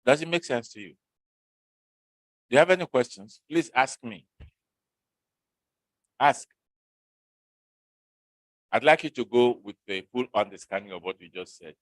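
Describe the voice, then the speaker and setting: A man's voice: medium pitch, lively intonation, a little slow, pauses often, no room sound, poor audio. A man teaching an usage lesson in a classroom, questioning and coaxing his students to answer.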